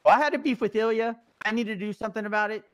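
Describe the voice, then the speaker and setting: A high-voiced man talks fast and frantically, pleading for his life and swearing nonstop. The sound is dry and close. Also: no room sound. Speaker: roleplay character Stevie. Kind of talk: heated improvised roleplay.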